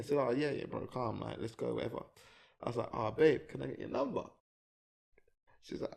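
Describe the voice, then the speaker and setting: Guy co-hosting a podcast, mid pitch, laughs while he tells a story. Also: fairly quick, gravelly, darkish tone. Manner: storytelling, laughs through punchlines. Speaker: podcast co-host. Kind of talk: casual chat.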